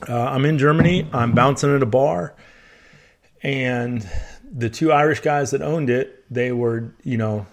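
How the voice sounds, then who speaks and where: A man hosting a casual solo podcast, telling stories in a relaxed, rambling way and often restarting his sentences. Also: medium pitch, unhurried. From United States. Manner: relaxed, chatty storytelling. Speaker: podcast host.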